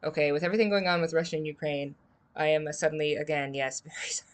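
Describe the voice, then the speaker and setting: A woman's voice: sits low, fairly even intonation, fast talker, slight background noise. A woman streaming a game, reading its lines aloud and reacting with chatty giggles.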